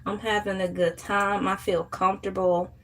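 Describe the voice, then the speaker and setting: A woman hosting a casual morning livestream chat, playful and animated, often jumping into high squeals. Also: normal speed. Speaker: livestream host.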